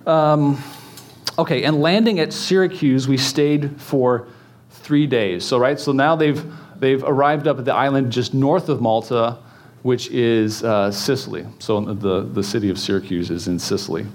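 A man preaching to a congregation in a church in a relaxed, chatty way. He jokes with the audience and stops to fill in with ums and restarts. His voice sits at an ordinary middle pitch for a man. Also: unhurried. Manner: chatty, joking, many fillers and restarts. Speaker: pastor. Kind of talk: casual sermon teaching.

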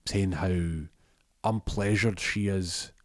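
A man's voice: low-pitched, fairly even intonation, slow, no room sound, clean studio sound. A man voicing a smug, scheming male gangster who taunts his rival. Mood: taunting. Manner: gloating, taunting.

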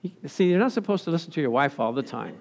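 A man preaching a sermon as pastor, animated, laughing often and asking his listeners questions he then answers himself. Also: fairly high pitch, fast, a little hiss or hum. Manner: animated, asks the congregation questions and answers them. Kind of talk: sermon with slides.

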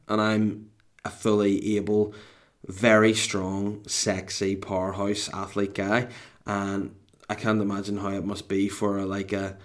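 Middle-aged man, North Down accent; animated, self-mocking comic storyteller with a salty mouth. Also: lowish voice, a little slow. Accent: Northern Irish, North Down. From Northern Ireland. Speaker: podcast co-host.

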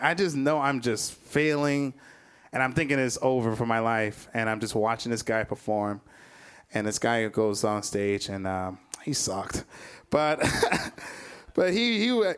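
A man telling a personal story live, animated, chuckling between lines and acting out other people's voices. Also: medium pitch, moderate pace. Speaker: storyteller, comedian.

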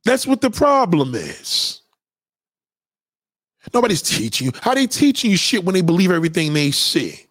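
A man's voice: high voice, very animated, normal speed, long pauses, a bit bright, dry recording, clean studio sound. A man ranting to viewers in a profane, preachy and conspiratorial way, repeating himself for emphasis. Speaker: vlogger giving opinions. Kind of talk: profane rant to camera.

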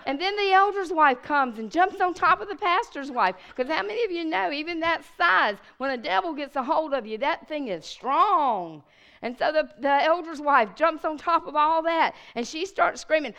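A woman's voice: sits high, moderate pace. A woman giving a sermon as a guest speaker, telling a personal story with animation and talking straight to her listeners. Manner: animated storyteller addressing the audience directly. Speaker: guest speaker at a women's church gathering. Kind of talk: testimony sermon.

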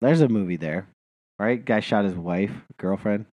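A man's voice: fairly low pitch, moderate pace, dry recording, dull audio. A man co-hosting a podcast in casual chat, joking and trailing off mid-thought. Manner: joking, animated, trailing off and restarting. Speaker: podcast co-host.

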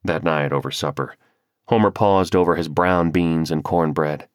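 A male audiobook narrator reading a novel in a measured, storytelling manner. His voice is deep and low, recorded dry and close with no room sound. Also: steady tone, dry recording. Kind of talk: scripted narration.

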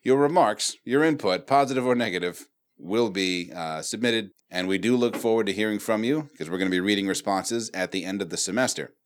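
A man's voice: lowish voice, brisk, hardly any pauses. A man co-hosting a casual podcast, joking and swearing freely. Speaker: podcast co-host. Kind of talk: profane casual chat.

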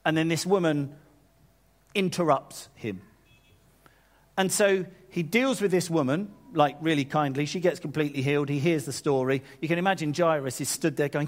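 A man preaching a sermon, retelling scripture in a lively paraphrase with casual asides. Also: fairly high pitch, normal speed. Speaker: pastor.

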